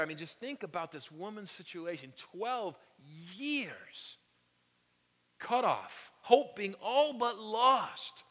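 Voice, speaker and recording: A man preaching a sermon, telling stories with animated energy and dropping to soft whispers for emphasis. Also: sits high. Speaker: pastor. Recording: long echo of a large hall.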